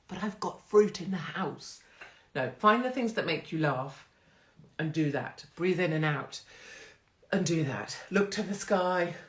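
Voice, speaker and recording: Brash, laughing woman streaming live. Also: deep voice. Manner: brash, jokey, swearing, laughs often. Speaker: host. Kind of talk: casual live-stream chat. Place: home, live phone stream. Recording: roomy echo.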